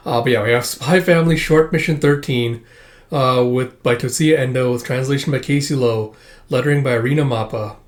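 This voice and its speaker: A man's voice: medium pitch, moderate pace. A man hosting a casual manga read-through, rambling with many fillers and frequent chuckles. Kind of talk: casual reading commentary.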